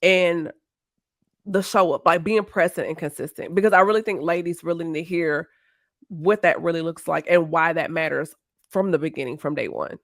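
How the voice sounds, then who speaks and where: A woman's voice: lowish voice, normal speed, fairly bright tone, dry recording, studio quality. A woman hosting a casual interview, reacting eagerly and steering the conversation. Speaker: host.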